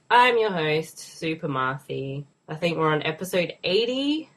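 A woman's voice: fairly low pitch, sing-song, moderate pace, few pauses. A woman with an Australian accent hosting a podcast in casual, playful banter, a bit sick today. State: slightly sick. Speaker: podcast host. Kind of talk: casual chat.

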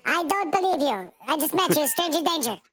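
A man's voice: extremely high pitch, sing-song, a little fast, fairly bright tone, voice pushed up, exaggerated voice. A man voicing a suspicious, bossy little boy in a comic bit. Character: bratty young boy, Baby Craven.

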